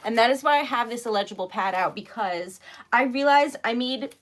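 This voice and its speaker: A woman's voice: fairly high pitch, fairly quick, fairly bright tone. A woman hosting a casual craft livestream, chatting and giggling often as she greets viewers. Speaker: livestream host making wax seal stickers.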